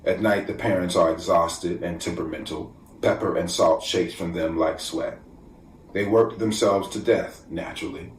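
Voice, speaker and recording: A man reading his own poetry at a measured, deliberate pace, sometimes sinking to a near whisper. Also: deep voice, steady tone. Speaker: poet. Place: room at home, virtual festival. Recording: echoey room, distant from mic, faint background noise.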